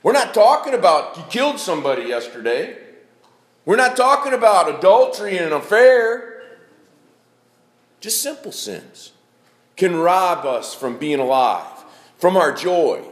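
A man's voice: on the high side, sing-song, a little slow, long pauses, reverberant. A middle-aged man preaching a sermon in a church, folksy, calling out members of the congregation by name.

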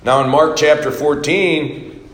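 A man's voice: on the high side, takes it slowly. Preacher man in an echoey hall. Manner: swings from hushed scripture quotes to loud emphatic asides. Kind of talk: sermon. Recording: echoey hall with faint ambience.

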